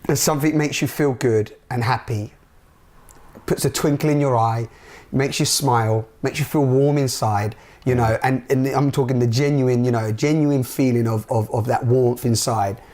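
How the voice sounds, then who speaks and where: A man's voice: mid-range voice, steady tone, normal speed, darkish tone. A man hosting a casual spiritual conversation, speaking earnestly and rambling with frequent restarts. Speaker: talk show host.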